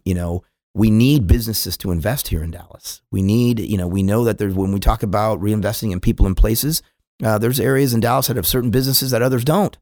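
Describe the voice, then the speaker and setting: A middle-aged man from California speaks as a police chief in a podcast interview. His voice sits low, and the sound is dry with no room around it. He talks earnestly, often starting a phrase twice before getting it out. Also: a little mellow, dry recording. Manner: earnest, repeats words when starting sentences.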